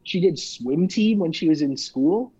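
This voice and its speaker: A man's voice: fairly high pitch, lively intonation, a little slow, mellow, slightly rough. A man co-hosting a podcast, chatting casually about a reality show in a loose, filler-heavy way. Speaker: podcast co-host. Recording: dull lo-fi sound.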